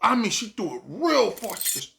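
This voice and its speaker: A man casually telling a personal story to camera, animated and full of quoted back-and-forth dialogue. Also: high voice, moderate pace, vocal fry, slight background noise. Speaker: vlogger.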